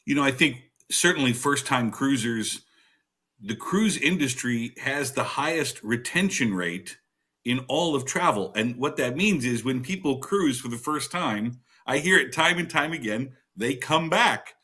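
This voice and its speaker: A man with a bright, forceful voice, explaining travel tips with energy. He talks like an enthusiastic guest expert. His pitch stays in a mid range. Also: expressive, unhurried, husky. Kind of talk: TV interview advice.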